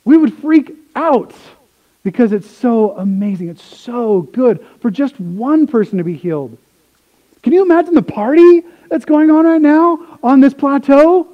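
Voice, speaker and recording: A man preaching a sermon, swinging from quiet explanation to excited retellings of the crowd. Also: very high-pitched, normal speed, phone-quality sound. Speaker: pastor.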